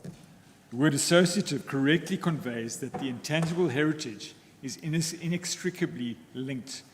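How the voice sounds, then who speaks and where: Man, courtroom counsel, formal and deliberate, echoing hall. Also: a little high. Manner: measured, deliberate, formal, with frequent pauses. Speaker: counsel for the applicants. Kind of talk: formal legal argument in court. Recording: echoey courtroom with faint ambient noise.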